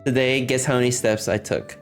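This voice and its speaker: A man's voice: medium pitch, fairly even intonation, a little fast, soft background music. A man livestreaming, chatting casually with his viewers and laughing often as he reacts to chat.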